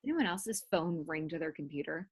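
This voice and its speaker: A woman's voice: deep voice, expressive, normal speed, breathy edge, low-quality recording. A woman co-leading a group video call, chatting casually with lots of fillers and sounding appreciative. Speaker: group co-leader.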